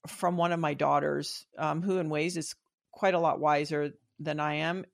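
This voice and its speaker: A woman's voice: low-pitched, steady tone, moderate pace, vocal fry. Reflective middle-aged woman in conversation. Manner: reflective, earnest, with frequent restarts. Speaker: guest. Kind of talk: casual interview talk.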